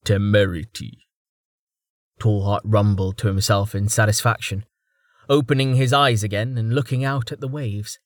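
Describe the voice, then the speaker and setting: Calm male audiobook narrator, dry sound. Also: on the low side, no echo. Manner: calm, measured storytelling. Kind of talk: scripted narration.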